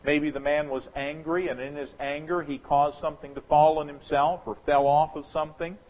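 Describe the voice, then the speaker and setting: A man preaching a sermon as pastor, talking through a scripture passage in a conversational, speculative way and slowing down to stress quoted verses. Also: a little high, little pitch movement, dull audio. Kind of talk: expository sermon.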